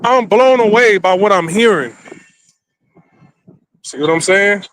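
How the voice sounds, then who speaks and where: A man's voice: sits high, lively intonation, measured pace, a bit bright. A man vlogging a casual, rambling story, crude and repetitive as he talks.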